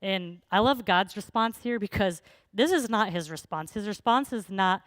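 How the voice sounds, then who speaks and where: A woman's voice: medium pitch, moderate pace, few pauses, fairly bright tone, no room sound, studio quality. A woman pastor giving a conversational sermon with frequent fillers.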